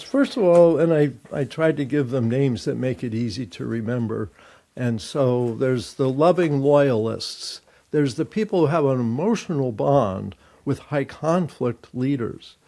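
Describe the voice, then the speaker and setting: An older man, a therapist and author, giving measured, explanatory answers in an interview, thinking aloud as he goes. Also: medium pitch, warm tone.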